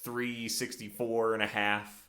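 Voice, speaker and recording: Podcast co-host, adult man, low voice, loose rambling delivery with lots of ums. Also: flat delivery, slow, a crowd in the background. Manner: rambling, lots of fillers and restarts. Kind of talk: casual chat.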